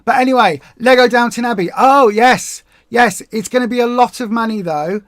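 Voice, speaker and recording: A woman co-hosting a casual livestream chat, talkative and excitable with quick asides. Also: on the high side, no room sound, studio quality. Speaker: co-host of a weight loss livestream.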